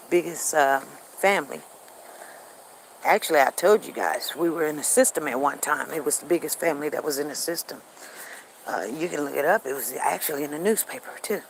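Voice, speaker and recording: A woman's voice: deep voice, creaky, slight background noise, rough recording. Chatty woman vlogging on an outdoor walk. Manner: chatty, animated, addresses viewers directly. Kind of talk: casual storytelling to viewers.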